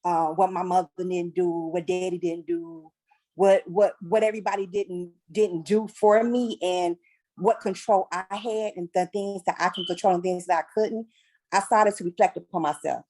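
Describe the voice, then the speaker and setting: A woman on a discussion panel, sharing a personal story in a lively way, laughing often and acting out what people said. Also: on the low side, normal speed, poor audio. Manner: animated, laughs often, acts out quoted voices. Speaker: panel guest.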